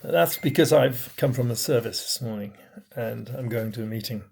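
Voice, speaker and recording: Speaking with a medium pitch and some vocal fry, a middle-aged bishop delivers a recorded teaching on communication, punctuating key words with pauses and changes in loudness. Slight background noise is audible.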